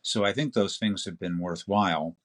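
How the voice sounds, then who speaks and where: A man guest on a podcast interview, explaining in a measured, detailed way. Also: deep voice. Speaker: interview guest, space expert. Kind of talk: conversational explanation.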